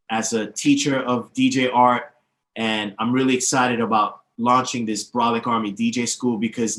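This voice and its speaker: The speaker, a DJ teacher guesting on a podcast, has a sharp-toned, mid-range voice. He explains things at length with confidence and emphasis, listing names and history, and the recording has a roomy, echoey quality.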